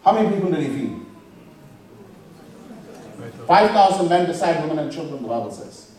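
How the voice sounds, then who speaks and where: A man's voice: a little high, very animated, normal speed, a little mellow. Preaching man, echoey and off-mic. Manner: preaching with rhetorical questions and scripture quotes. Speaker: pastor. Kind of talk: sermon. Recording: echoey room, voice from far off the mic.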